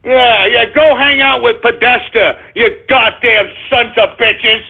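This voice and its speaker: Man, talk radio host, high voice, husky, ranting and combative, shouted bursts, phone-like sound. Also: takes it slowly. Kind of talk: political talk radio monologue. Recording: phone-like narrow band.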